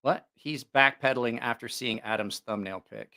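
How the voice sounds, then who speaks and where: A man's voice: mid-range voice, normal speed, creaky, bright, forceful tone. A man hosting a casual livestream about knives, joking, teasing viewers and laughing often. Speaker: knife channel host.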